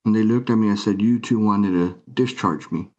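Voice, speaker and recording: A man's voice: lowish voice, normal speed, a little mellow. A man, a guest on a talk show, telling his personal story in an emotional way, acting out the dialogue as he goes. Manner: retells scenes by acting out quoted dialogue. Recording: muffled lo-fi recording.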